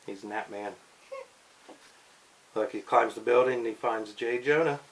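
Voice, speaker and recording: A man's voice: on the low side, unhurried, rough recording. A man casually reading a comic book aloud to his daughters, playful and chatty. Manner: playful, slips into goofy character voices. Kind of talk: casual read-aloud with commentary.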